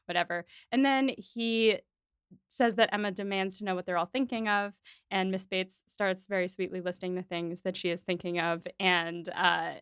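A woman's voice: mid-range voice, moderate pace, clear, resonant tone, dry recording, studio quality. A woman hosting a podcast, chatting casually about a TV adaptation and acting out quoted lines. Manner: animated, acts out quoted lines. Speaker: podcast host.

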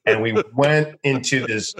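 A man in his thirties, a comedian guest, telling stories in a rambling, animated way with quick bursts of acted voices. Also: mid-range voice, slight background noise. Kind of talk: casual storytelling interview.

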